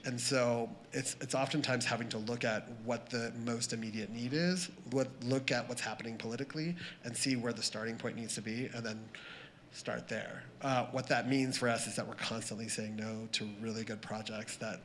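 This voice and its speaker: A man speaks on a panel in a mid-pitched voice with faint noise behind him. He is reflective and pauses now and then, trailing off quietly. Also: fairly even intonation. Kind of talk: panel discussion.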